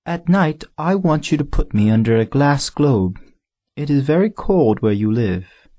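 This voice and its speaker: A man's voice: on the high side, big pitch swings, unhurried, mellow, pitched above the performer's own voice. A man putting on a vain, coquettish flower. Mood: sweetly vain. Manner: sweet, affected, fussy. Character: vain, delicate female flower, coquettish and demanding. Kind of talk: audiobook character voice.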